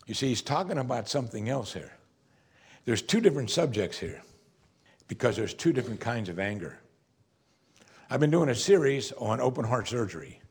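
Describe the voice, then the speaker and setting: A man preaching a sermon as pastor, asking the congregation rhetorical questions and swinging between emphatic rises and quiet, drawn-out drops. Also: medium pitch, gravelly, husky.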